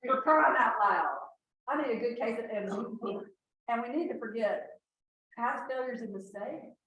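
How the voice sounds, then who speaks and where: A woman, giving a folksy, lively inspirational talk to an audience. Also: a little high, normal speed, distant mic. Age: 60s. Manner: folksy, lively storyteller, laughs often. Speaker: retreat speaker. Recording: echoey hall, speaker off mic.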